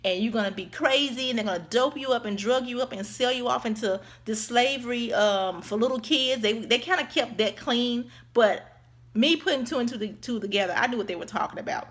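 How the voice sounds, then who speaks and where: A woman telling a casual storytime vlog. She tells it in an animated way, acts out the voices of other people and keeps calling her viewers y'all. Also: on the high side, brisk. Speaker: vlogger.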